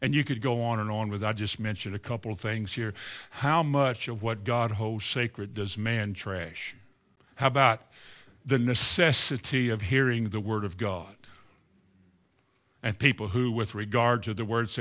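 A man preaching a fiery sermon, swinging from low musing to loud exclamations. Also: a little slow.

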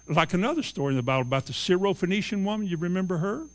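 A man's voice: sits high, animated, rapid-fire, few pauses. A man preaching a sermon, retelling Bible stories emphatically and acting out the characters' voices.

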